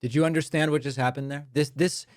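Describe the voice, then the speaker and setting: A man narrating political video clips in a brisk, sardonic way. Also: on the high side, steady tone, a little mellow, slight background noise. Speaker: political commentator.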